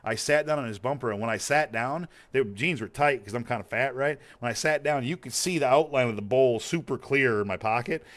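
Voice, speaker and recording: A man's voice: medium pitch, brisk, hardly any pauses, fairly bright tone. A man with a slight Montana accent, a streamer telling a long story in casual, rambling talk, cursing freely and laughing often. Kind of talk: casual storytelling while gaming.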